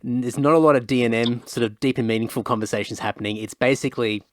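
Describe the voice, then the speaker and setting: A man's voice: medium pitch, fairly even intonation, fast talker, slight background noise. An Australian man hosting a podcast, talking in a rambling, conversational way with many fillers. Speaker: podcast host. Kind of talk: casual chat.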